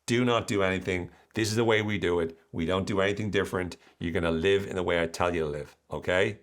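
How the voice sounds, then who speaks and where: A man's voice: low-pitched, steady tone, fast talker, natural voice. A man doing a strict lecturing dad. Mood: stern. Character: strict controlling father lecturing his son.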